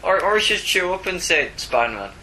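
A man co-hosting a podcast in casual chat, answering dryly and quick to correct details. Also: high voice, sharp tone, a little hiss or hum, rough recording. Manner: dry and matter-of-fact, quick to correct. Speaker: podcast co-host.

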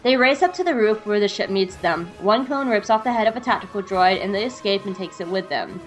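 A woman's voice: medium pitch, animated, fairly quick, soft background music. A woman co-hosting a fan podcast, chatting casually and reading an episode recap. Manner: chatty, laughs easily, reads recaps aloud. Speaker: podcast co-host.

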